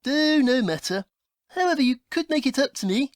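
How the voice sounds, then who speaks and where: A woman's voice: sits high, animated, normal speed, dry recording, clean studio sound. A woman voicing a prim, haughty male detective in a comedy audio play, with a formal, fussy, scolding manner.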